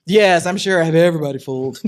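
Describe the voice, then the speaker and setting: A woman guest on a podcast interview, telling lively, jokey stories and poking fun at herself. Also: low voice, fast. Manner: lively, jokey, self-mocking, acts out quotes. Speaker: entrepreneur guest. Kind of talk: animated storytelling in a podcast interview.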